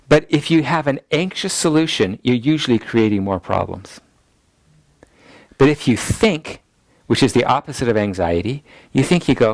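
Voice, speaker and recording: A man teaching a ministry school lecture in a voice of ordinary pitch. He repeats his main points so they can be written down. The sound is dry and close, with no room echo. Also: lively intonation, normal speed. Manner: acts out people's anxious inner voices in quotes; repeats key points for note-taking.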